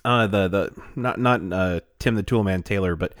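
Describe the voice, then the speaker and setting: A man co-hosting a casual chat show, animated and laughing often, often trailing off as he searches for words. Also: low voice, moderate pace, no echo, studio quality. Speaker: podcast co-host.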